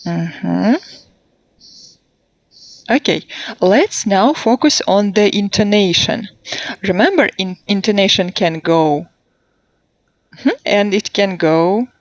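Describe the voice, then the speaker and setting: A woman teaching a grammar lesson online, slowly modelling sentences for students to repeat and asking them questions. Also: mid-range voice, lively intonation, no room sound. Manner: slow, deliberate modelling of sentences for repetition. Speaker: English teacher. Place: online class.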